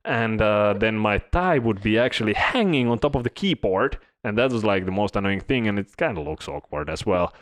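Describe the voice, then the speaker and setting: A man's voice: on the low side, expressive, normal speed, few pauses. A man co-hosting a podcast, telling work stories in a casual chat, with many hesitant restarts. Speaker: podcast co-host.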